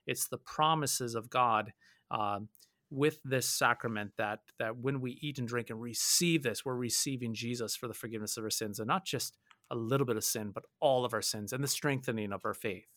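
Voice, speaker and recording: A man's voice: mid-range voice, normal speed, fairly bright tone, no room sound, studio quality. A man who is a pastor, talking earnestly on a podcast, often repeating words as he thinks. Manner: earnest, repeats words while thinking, mimics voices in anecdotes. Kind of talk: conversational podcast discussion.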